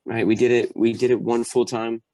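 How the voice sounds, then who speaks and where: A young man telling a story as a podcast guest, animated and acting out the voices of people in his story. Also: mid-range voice, brisk, no room sound. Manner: animated, acts out quotes. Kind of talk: casual storytelling.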